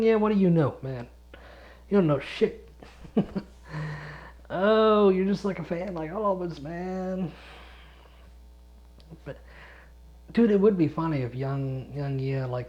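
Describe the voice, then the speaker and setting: Slow, rambling young man on a dull lo-fi recording. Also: medium pitch, darkish tone. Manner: rambling, swears a lot, chuckles often, loses his thread. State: sleepy, yawning. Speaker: podcast host and gaming YouTuber. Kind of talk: rambling late-night solo podcast.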